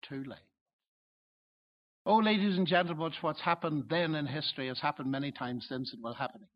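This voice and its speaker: High-voiced emphatic male preacher, lo-fi. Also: steady tone, quick pace. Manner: emphatic, swelling to loud exclamations. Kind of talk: sermon. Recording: dull lo-fi recording.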